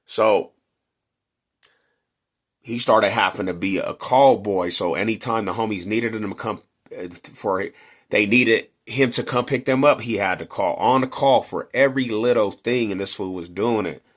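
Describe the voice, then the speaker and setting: A man's voice: on the low side, unhurried. A middle-aged man from Denver telling a neighborhood story in slangy casual talk, acting out quotes and punches. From Denver, Colorado.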